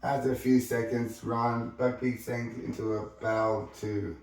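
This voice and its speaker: A man reading a novel aloud as an amateur audiobook, halting with frequent slips and restarts. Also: medium pitch, level tone, a little mellow, distant mic. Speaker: reader. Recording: very echoey room, voice off-mic, faint music.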